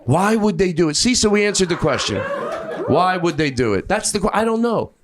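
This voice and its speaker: A man doing improvised stand-up in a comedy club, yelling and then mumbling his asides. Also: high-pitched, a little fast, very noisy. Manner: loud, excitable, swings between yelling and mumbling asides. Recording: live club with crowd laughter. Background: audience laughter.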